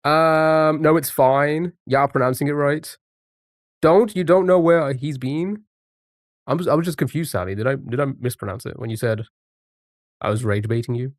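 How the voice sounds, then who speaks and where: A man's voice: on the high side, steady tone, normal speed, no room sound, studio quality. A man live-streaming a word game, chatting casually and greeting viewers by name.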